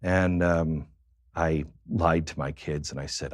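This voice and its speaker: A man's voice: extremely low pitch, fairly even intonation, slow, dry recording, studio quality. A man, a guest on a talk show, tells a personal story in a reflective way that halts on many fillers.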